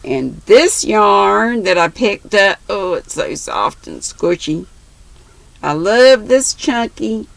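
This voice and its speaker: Older woman, reading aloud, gravelly, bright tone, dry close sound. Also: medium pitch, sing-song, dry recording, rough recording. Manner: unhurried, with chatty asides and small laughs. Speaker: crafting channel host reading aloud. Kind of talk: reading a novel aloud, then casual crafting chat.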